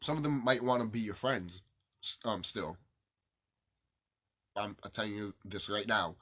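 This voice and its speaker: A man's voice: on the low side, normal speed, pauses often, pushed and bright. A man vlogging to camera in a rambling, profane monologue, repeating himself and ranting, his sinuses stuffed up.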